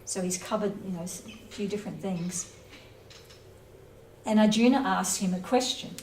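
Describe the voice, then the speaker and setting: A woman's voice: mid-range voice, moderate pace, a little mellow. Woman teaching scripture in an echoey room. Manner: conversational, playful, acts out little scenes. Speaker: spiritual teacher. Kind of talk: casual lecture on scripture. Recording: roomy echo, from a distance, faint noise.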